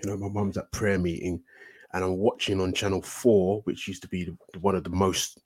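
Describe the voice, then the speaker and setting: A young man with a low, husky voice tells a rambling story as a podcast guest. He swears freely, drops slang and keeps restarting his sentences. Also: flat delivery, brisk, no echo. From United Kingdom. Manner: rambling, profane, slangy, with many self-corrections. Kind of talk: casual storytelling.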